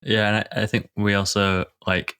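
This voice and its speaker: A man's voice: lowish voice, little pitch movement, normal speed, pushed and bright, smooth, no echo, studio quality. A man with a Yorkshire accent, a game developer guest chatting loosely on a podcast with lots of fillers. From Yorkshire, England. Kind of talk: casual podcast chat.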